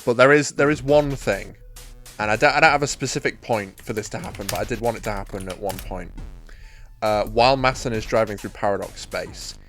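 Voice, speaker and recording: A man's voice: lowish voice, a little fast, soft background music. A man co-hosting a podcast, chatting casually about fan writing and acting out character lines as he talks. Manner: animated, acts out character lines while talking. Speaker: podcast co-host.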